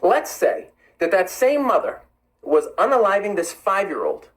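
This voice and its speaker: A man's voice: high-pitched, a little slow, poor audio. An Iranian-American man hosting a live stream, chatting with callers and reading viewers' comments aloud. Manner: animated, conversational, addresses viewers by name. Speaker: livestream host.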